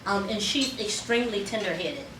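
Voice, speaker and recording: A woman's voice: mid-range voice, animated, normal speed. A woman hair stylist explaining her work in a chatty, step-by-step way, with frequent ums, during a salon demonstration. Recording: roomy distant mic with salon noise.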